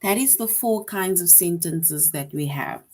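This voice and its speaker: A woman's voice: lowish voice, lively intonation, unhurried. A woman teaching a grammar lesson to young children, patient and repetitive, often checking with "right?".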